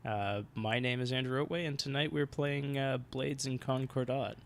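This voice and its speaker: A man's voice: medium pitch, steady tone, moderate pace, vocal fry, a little hiss or hum. A man hosting a tabletop game podcast and playing along, chatty and self-deprecating, on a computer mic over a voice call. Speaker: podcast host and player. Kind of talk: casual tabletop game chat.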